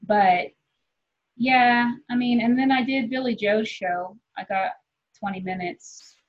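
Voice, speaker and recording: A woman in her forties talks loosely and candidly, drifting from thought to thought and swearing without a second thought. Her voice is a little husky. The recording sounds dull and lo-fi. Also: on the high side. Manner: rambling, candid, swears freely, quick laughs. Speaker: comedian guest. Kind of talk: casual podcast chat.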